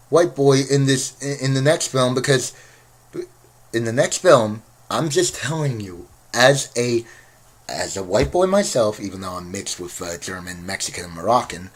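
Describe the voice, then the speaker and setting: A man giving a casual spoken movie review, rambling and excitable with many restarts. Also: medium pitch, normal speed. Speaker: film reviewer.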